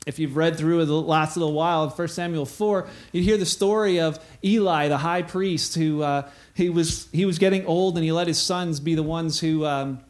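A middle-aged man preaching a sermon, telling a story with animated, acted-out quotes. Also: a little high, moderate pace, few pauses. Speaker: pastor.

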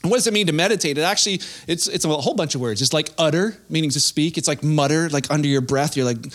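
A young man with a high voice preaches in a loose, chatty way, slipping into playful little acted-out bits. His delivery feels like talking with friends rather than lecturing. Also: quick pace, a bit bright. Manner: casual, conversational preaching with playful acted-out asides. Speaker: pastor. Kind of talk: sermon.

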